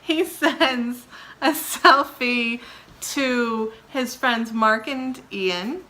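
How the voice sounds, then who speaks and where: A giggly woman hosts a casual vlog chat, teasing and animated. Her voice is fairly high and bright, with big swings in pitch. She speaks in an unhurried way. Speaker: vlog host, wife.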